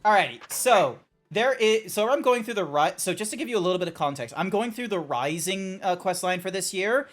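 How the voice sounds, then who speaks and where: A fairly high-pitched man talks over a faint bed of chill background music. He is a game streamer in loose, casual chat, riffing through silly tangents. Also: lively intonation, a bit bright. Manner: rambling, joking, quick tangents.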